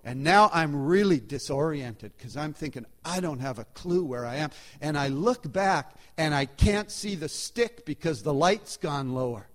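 Male storyteller, slightly high voice, animated and chatty, live anecdote for an audience. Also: unhurried, hardly any pauses. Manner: animated, chatty, shifting loudness.

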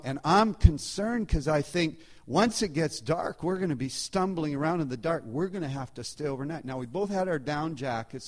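Animated man telling a story. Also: fairly high pitch. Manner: animated, chatty, shifting loudness. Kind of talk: live anecdote told to an audience.

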